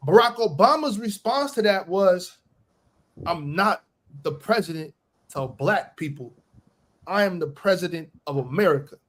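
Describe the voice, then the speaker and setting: A young man co-hosting a podcast in a relaxed, slangy manner, asking questions and laughing easily. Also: high voice, a little slow. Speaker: podcast co-host. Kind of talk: casual podcast chat.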